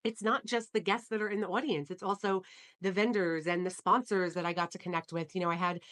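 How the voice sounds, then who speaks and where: A woman's voice: on the low side, steady tone, a little fast, fairly bright tone. A woman hosting a solo podcast, telling her story in an earnest, enthusiastic way with frequent fillers like "um" and "you know.". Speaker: podcast host.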